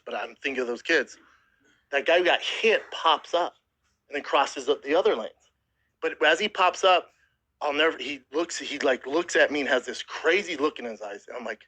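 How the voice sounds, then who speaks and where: Man telling a story, bright and tense. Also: mid-range voice, fairly quick, low-quality recording. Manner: profane, animated retelling with acted quotes. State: emotional, near tears. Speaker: podcast host. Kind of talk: casual storytelling.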